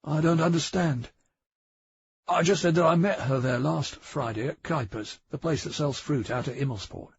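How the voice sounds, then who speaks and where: A man narrating puts on a dim young male police officer whose voice jumps high and husky as he protests and fumbles his answers. He sounds defensive and baffled, and the recording is dry and dull. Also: moderate pace, no room sound.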